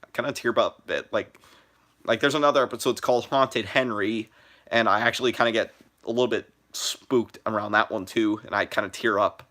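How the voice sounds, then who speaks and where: A man's voice: on the low side, steady tone, fairly quick, bright, forceful tone. Rambling young man on a live stream. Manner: rambling, many fillers and restarts. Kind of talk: casual live stream chat.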